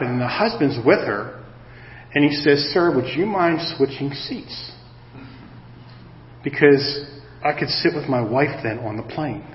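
Older male preacher telling a story. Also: medium pitch. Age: 60s. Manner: storytelling, animated and self-mocking. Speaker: pastor. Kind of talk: sermon. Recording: roomy hall, dull lo-fi sound.

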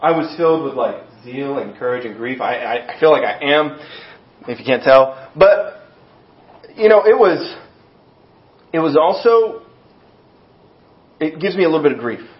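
A man preaching a sermon as pastor, telling the story with lively acted-out voices. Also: a little high, normal speed, pauses often. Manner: animated storytelling, acting out voices. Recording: echoey room, dull sound.

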